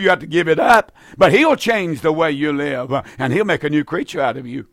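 Older man, urgent evangelistic radio host; fervent and repetitive, pitched a bit high, dry booth sound. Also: lively intonation, fairly quick, few pauses, no room sound. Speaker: radio preacher and call-in host. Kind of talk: evangelistic radio preaching with call-in.

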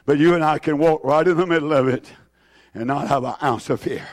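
Fiery high-voiced preacher man. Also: a little fast. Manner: fiery, swings from shouts to hushed low lines; exclaims hallelujah often. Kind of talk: sermon.

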